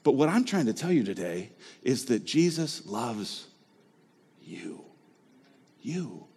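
A man's voice: medium pitch, sing-song, moderate pace, darkish tone, breathy edge, big-room sound. A man preaching a sermon as a pastor, talking in a conversational way and asking the listeners rhetorical questions.

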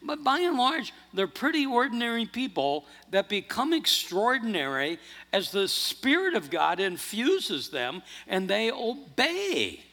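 Lively, bright-voiced male preacher. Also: high-pitched, measured pace. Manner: animated, earnest preaching with restarts. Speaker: pastor. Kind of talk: sermon. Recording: long hall reverb.

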